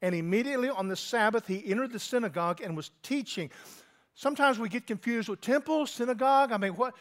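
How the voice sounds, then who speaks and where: A man with a notably high voice delivers a sermon in a relaxed, conversational way. He is a middle-aged pastor who keeps turning to his listeners with direct questions. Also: quick pace. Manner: conversational, asks the congregation questions.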